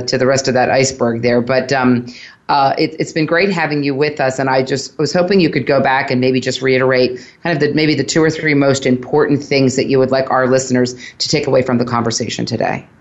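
A radio show host, a man with an ordinary mid-range voice, guides the conversation with earnest questions. He sums up the advice for listeners in plain terms, and his recording sounds a little dull and lo-fi. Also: medium pitch. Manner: earnest, guiding questions, summarizing. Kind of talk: radio interview.

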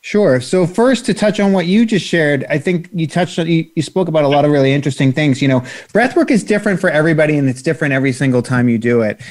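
A man's voice: a little high, lively intonation, quick pace, hardly any pauses, no echo. A man who teaches breathwork, a guest in an interview, explaining things in an earnest, talkative way. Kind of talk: conversational interview.

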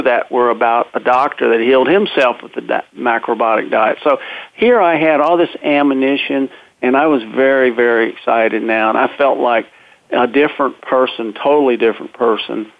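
A man recounts a personal story in an earnest, plain-spoken way, stopping on fillers and starting sentences over. His middle-pitched voice has a gravelly fry. It comes through a narrow, phone-like channel with a dry sound. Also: normal speed, no room sound. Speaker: cancer survivor telling his story.

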